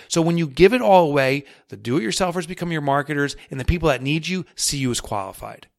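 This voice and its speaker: A man being interviewed as a guest author, talking in an energetic, emphatic and jokey way. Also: a little high, brisk, hardly any pauses, no echo, clean studio sound. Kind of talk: podcast interview.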